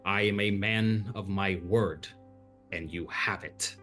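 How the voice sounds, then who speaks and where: Guy doing a formal vampire count, deep low voice, takes his time, courtly and commanding. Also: fairly even intonation, slow pace, fairly bright tone, soft background music. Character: imperious vampire count, male, old, commanding. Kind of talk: tabletop game character voice.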